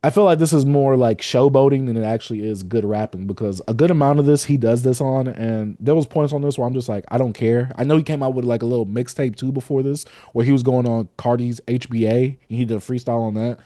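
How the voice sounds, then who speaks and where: A man co-hosting a music podcast, giving laid-back, opinionated reviews in casual chat with drawn-out fillers. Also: medium pitch, mellow, dry recording, studio quality. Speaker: podcast co-host.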